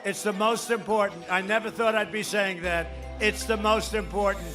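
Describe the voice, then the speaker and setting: High-voiced man insisting emphatically. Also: steady tone, moderate pace. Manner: emphatic, repeating. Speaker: rally attendee. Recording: music behind.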